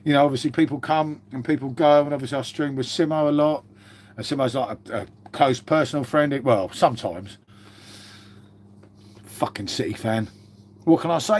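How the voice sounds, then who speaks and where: A chatty British man hosts a live stream from home, with a fairly high voice for a man. He swears freely and keeps calling the viewers "mate" as he answers their comments. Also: animated, fairly quick. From Britain. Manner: chatty and matey, swears a lot, says "mate" constantly.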